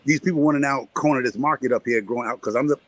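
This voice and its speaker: A man's voice: medium pitch, rapid-fire, a bit bright, no room sound, muffled recording. A man from Connecticut talking gardening on a live chat, repetitive and preachy as he rallies his listeners. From Connecticut, USA. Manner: preachy, repetitive, rallying the audience. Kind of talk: casual chat.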